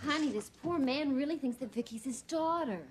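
An actress playing a kindly, worried suburban mother in a 1980s sitcom, soft-spoken and fretful. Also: high voice, brisk, natural voice. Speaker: sitcom character. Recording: noisy old TV recording.

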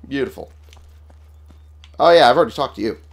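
A man's voice: mid-range voice, expressive, brisk, gravelly, husky. A man giving casual, profane commentary while playing a video game, sarcastic and exclaiming at enemies as he fights. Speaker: gaming channel host. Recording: game music behind voice.

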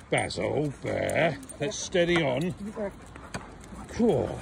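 A man's voice: fairly high pitch, sing-song, slow. A man, a dog trainer, chatting and teasing his dogs while out walking in a frosty field. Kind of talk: casual talk to dogs on a walk. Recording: outdoor recording with clear background noise.

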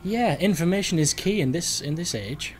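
A man's voice: fairly high pitch, lively intonation, normal speed, soft background music. A man casually narrating his own video game play, musing aloud and rambling. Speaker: gaming video host. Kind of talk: casual let's play commentary.

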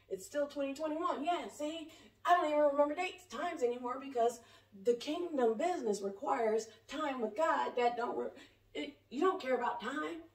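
Woman, forties, fervent rambling preaching, echoey home room. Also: sits high. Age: 40s. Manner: fervent, rambling, colloquial, shifting between shouting and soft asides. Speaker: self-styled prophet. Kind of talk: impassioned spontaneous preaching to camera. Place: her home, indoors. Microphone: camera set up at a distance. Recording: echoey room, voice heard from a distance.

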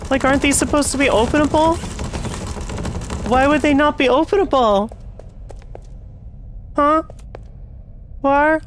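A woman's voice: high-pitched, unhurried, pauses often, noisy background. Chatty young woman streaming a game. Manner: chatty, swears and yells when frustrated. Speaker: VTuber streamer. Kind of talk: casual gameplay commentary.

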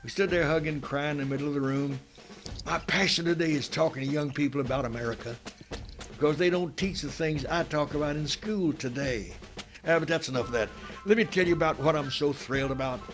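An elderly man in his nineties delivers a patriotic recitation with dramatic, emphatic storytelling, and his voice sits a little high for a man. Music plays clearly behind him throughout the recording. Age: 90s. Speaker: guest speaker.

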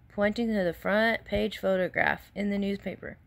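A woman's voice: mid-range voice, steady tone, normal speed, vocal fry, few pauses, no room sound. A woman teacher reading a picture book aloud to children and asking them questions between pages.

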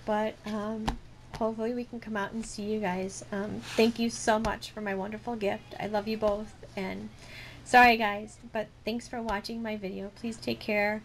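A woman vlogging an excited unboxing, gushing with repeated delighted exclamations. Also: medium pitch, slight background noise. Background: crinkling packaging.

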